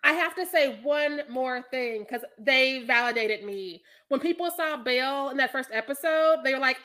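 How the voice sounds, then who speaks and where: Animated, laughing woman podcast co-host. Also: sits high, moderate pace. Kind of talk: casual chat.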